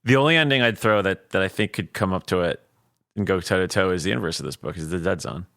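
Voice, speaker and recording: Brief: man host, low voice, dry close sound, keen and rambling. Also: fast, vocal fry, fairly bright tone, dry recording. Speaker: podcast host. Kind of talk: casual book discussion.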